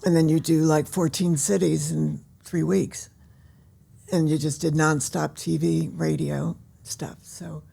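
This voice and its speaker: An older woman, an author, chatting as a guest in an interview and telling her stories in an animated, theatrical way. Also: low-pitched, a little slow, vocal fry, breathy edge. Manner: animated storyteller who acts out scenes. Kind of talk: casual interview chat.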